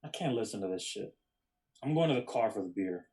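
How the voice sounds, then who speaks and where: A man's voice: lowish voice, expressive, a little fast, a little mellow. An actor playing a brash young man, a former firefighter, who talks in a blunt and indignant way during a stage play reading. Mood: irritated.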